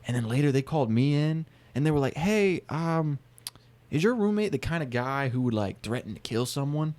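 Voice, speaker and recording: A young man, a podcast co-host, telling a story in casual chat, rambling and deadpan with lots of fillers. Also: on the high side, normal speed. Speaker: podcast co-host, church deacon.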